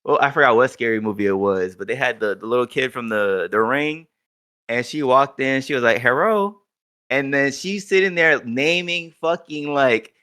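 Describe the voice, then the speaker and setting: A man's voice: mid-range voice, normal speed, pushed and bright, clean tone. A young man co-hosting a podcast, talking in loose, profane, joking banter. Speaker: podcast co-host. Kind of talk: casual chat.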